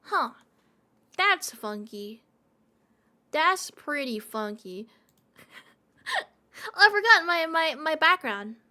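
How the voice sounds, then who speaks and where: A woman's voice: sits high, sing-song, slow, long pauses, sharp tone. A young woman chatting casually on a livestream, giggly, rambling and playfully dramatic. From Australia. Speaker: streamer.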